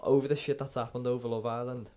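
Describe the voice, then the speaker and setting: A young man, trading loud, sweary banter and laughter with his mates in a casual podcast chat. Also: mid-range voice, flat delivery, quick pace, a crowd in the background.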